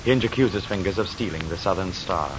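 A man narrating an old radio drama in a measured, dramatic way. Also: low-pitched, over music. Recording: dull, noisy old radio recording.

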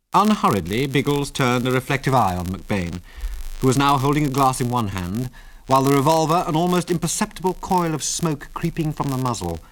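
A man narrating an adventure story in a measured, expressive way. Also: mid-range voice.

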